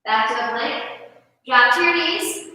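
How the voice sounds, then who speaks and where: A woman's voice: high voice, unhurried, sharp tone. A woman fitness instructor leading a guided workout, cueing moves and counting out reps in an upbeat way. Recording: echoey room from far off.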